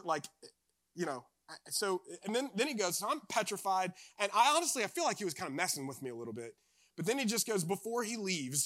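A man delivering a sermon in a high, ringing voice. He preaches earnestly and then tells stories in a chatty, self-deprecating way, with plenty of casual fillers. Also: fairly bright tone, no room sound, studio quality. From eastern North Carolina. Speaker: pastor. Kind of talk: sermon with personal storytelling.

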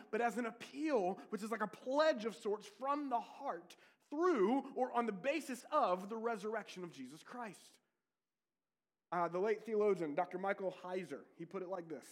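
High-voiced preaching man. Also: expressive, normal speed. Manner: earnest preaching, rising to emphatic peaks and dropping to quiet intensity; conversational asides with rhetorical questions. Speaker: pastor. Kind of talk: sermon.

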